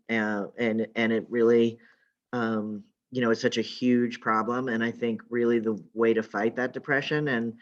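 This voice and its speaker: A woman politician giving casual, halting advice and stories to young activists, with many fillers, over a video call. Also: extremely low pitch. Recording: dull lo-fi call audio.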